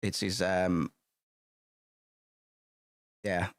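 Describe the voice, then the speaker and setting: A man's voice: low-pitched, level tone, drawn-out words. A man streaming, chatting casually and rambling, swearing freely with many restarts.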